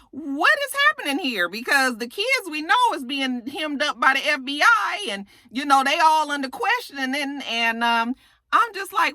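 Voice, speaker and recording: A woman recaps a TV episode in loose, slangy, swear-filled talk, her pitch leaping around and often jumping into shrill, exasperated outbursts. Her voice is bright and forward. The sound is close and dry. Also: dry recording. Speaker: TV recap reviewer.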